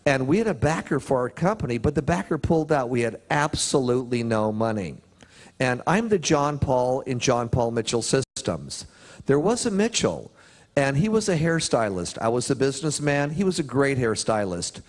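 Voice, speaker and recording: At a motivational seminar in a prison chapel or hall, a man tells a story, his pitch swinging lively and his pauses landing for emphasis.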